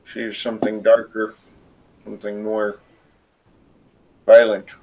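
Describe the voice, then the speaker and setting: A man with a lowish voice runs a tabletop role-playing game as game master. He narrates in a halting way, with many fillers and restarts. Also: monotone, lo-fi sound.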